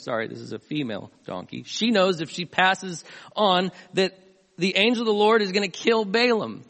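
Animated man preaching in a reverberant hall. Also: fairly high pitch. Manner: animated storytelling with asides. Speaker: pastor. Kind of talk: sermon.

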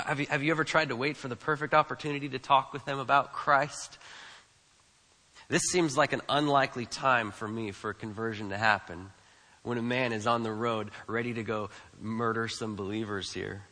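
The pastor's medium-pitched voice sounds pushed and bright, trailing off into a long reverb. He preaches with emphasis, repeats his phrases, and keeps asking the congregation questions.

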